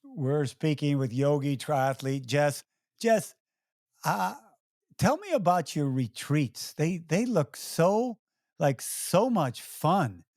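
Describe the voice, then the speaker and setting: A man's voice: on the high side, very animated, takes it slowly, darkish tone, no echo, clean studio sound. A man hosting an interview, laughing easily and retelling stories with quoted voices. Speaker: host. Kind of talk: casual interview conversation.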